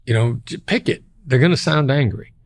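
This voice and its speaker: A man's voice: mid-range voice, fairly quick. A middle-aged man, a former hostage negotiator, speaking as a podcast interview guest in a plain-spoken way and repeating key phrases for emphasis.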